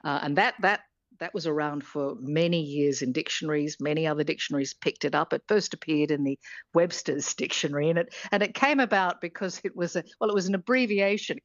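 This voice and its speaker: A woman academic speaks in a lowish voice, pausing often with fillers as she explains things on a radio interview. Her voice comes through a dry, somewhat dull line. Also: no echo. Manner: thoughtful, hesitant with fillers and laughs. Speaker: linguistics professor guest.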